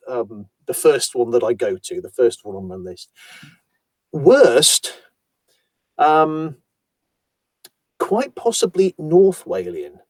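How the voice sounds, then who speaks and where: A man from Yorkshire, an audiobook narrator, chatting about his voice work in an animated storytelling manner. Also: medium pitch, no room sound. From Yorkshire, England. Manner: animated, chatty storyteller who slips into accents. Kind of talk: casual conversation about voice work.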